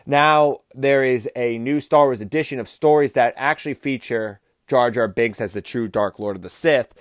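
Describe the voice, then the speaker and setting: A man's voice: medium pitch, moderate pace, no echo, studio quality. Rambling, foul-mouthed male podcast host. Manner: profane, rambling, animated. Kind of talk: casual comedic review rant.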